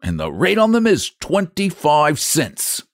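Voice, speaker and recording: A man voicing a gruff, stubborn express agent with a put-on Irish brogue, talking in a blustering, emphatic way. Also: wildly swooping pitch, a little slow, dry recording, clean studio sound, exaggerated voice. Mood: defiant. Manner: blustering, emphatic, high and loud.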